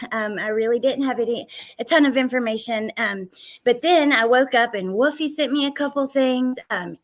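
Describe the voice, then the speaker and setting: A woman hosting a casual true crime livestream, chatting and greeting viewers by name. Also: a little high. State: out of breath.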